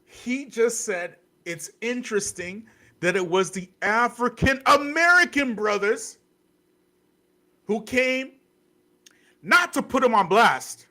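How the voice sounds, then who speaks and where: A man's voice: very high voice, expressive, slow, pauses often, sharp tone. A man hosting a livestream commentary, scornful and repeating his points with rhetorical questions. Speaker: host.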